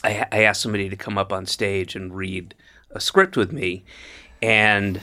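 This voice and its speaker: A man hosting a podcast in casual chat, laughing loudly and retelling stage bits. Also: lowish voice, steady tone, normal speed. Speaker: podcast host.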